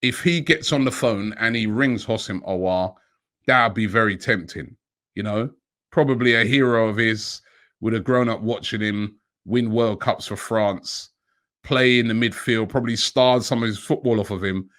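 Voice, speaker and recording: A man's voice: lowish voice, moderate pace, a bit bright. A middle-aged man hosting a daily football transfer news show, talking to camera in a chatty way, thinking aloud and asking himself rhetorical questions.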